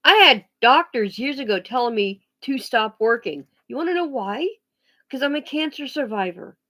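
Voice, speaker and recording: Swearing freely in a casual vlog, this woman delivers a blunt, emphatic rant full of pauses and restarted sentences. Her voice is on the high side, animated and a bit bright.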